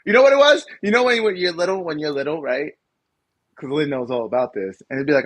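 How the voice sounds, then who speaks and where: A man's voice: on the high side, expressive, fast talker, fairly bright tone. A man co-hosting a live podcast in casual chat, laughing often and acting out mocking voices. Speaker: podcast co-host.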